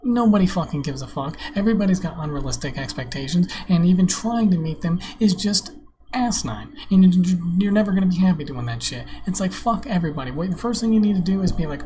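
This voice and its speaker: A man's voice: sits high, lively intonation, fast talker, noisy background. A young man hosting his own vlog, ranting bluntly and profanely to camera from his computer desk, preaching his views in a casual, rambling way. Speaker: vlog host. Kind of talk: casual solo rant to camera. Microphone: webcam on a monitor.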